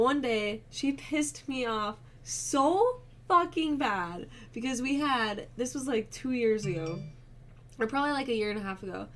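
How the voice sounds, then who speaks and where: A woman co-hosting a reaction channel rambles through a parenting story. She swears freely, and her voice sits a bit high as she retells it with animation. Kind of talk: casual storytelling chat.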